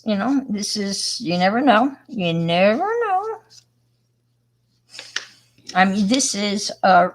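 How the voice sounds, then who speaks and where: A woman's voice: mid-range voice, creaky. A woman from Long Island, New York, presenting an art live stream. She tells a story and demonstrates casually, rambling and speaking to viewers as she works. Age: older.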